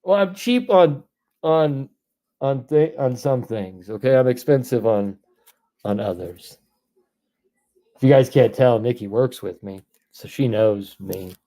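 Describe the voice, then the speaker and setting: Guy in his 30s running a live card break, slow easy talk, warm low tone. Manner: rattles off names, bursts into excited shouts. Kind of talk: casual live-stream card break chat.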